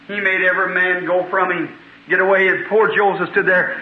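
A man's voice: high-pitched, flat delivery, brisk. A man preaching a revival sermon, telling the story in a fervent, folksy way that rises into cries. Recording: tinny, echoey 1950s tape recording.

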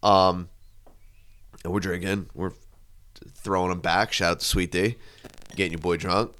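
A man telling a crude bar story in casual chat, acting out quotes loudly. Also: low voice, flat delivery, unhurried.

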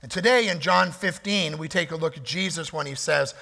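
Male pastor, bright gravelly voice, earnest preaching, long church reverb. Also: fairly high pitch, fairly quick. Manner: earnest preaching with repetition and fillers. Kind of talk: sermon. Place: church sanctuary. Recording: reverberant hall.

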